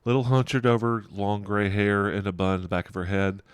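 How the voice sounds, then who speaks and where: Chuckling middle-aged game master, low voice. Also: male voice, brisk, clean tone, dry recording, clean studio sound. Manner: rambling, digressive scene description with frequent chuckles. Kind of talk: narrating a tabletop game.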